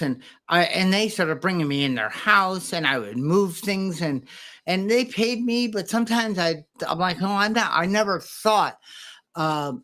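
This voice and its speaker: A man hosting a podcast, talking in a reflective, halting way with restarts. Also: on the high side, a bit bright. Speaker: podcast host. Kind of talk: casual chat.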